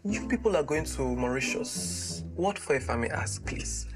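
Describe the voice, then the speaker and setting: A man with a Nigerian accent playing a visa officer in a comedy sketch, scolding loudly and slipping into Pidgin. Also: on the high side, big pitch swings, normal speed. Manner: scolding, mixes Pidgin, apologetic then explosive. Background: music.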